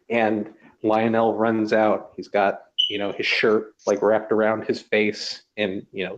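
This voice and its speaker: A man's voice: on the low side, highs cut off. Man narrating as dungeon master. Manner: relaxed descriptive narration with fillers. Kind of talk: narrating a tabletop game.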